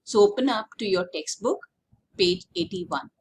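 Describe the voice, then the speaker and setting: A woman's voice: mid-range voice, lively intonation, moderate pace, a little hiss or hum. A woman, a teacher who reads a text aloud and then explains it in plain words with many fillers. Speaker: English teacher. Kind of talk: online class lesson, reading aloud and explaining.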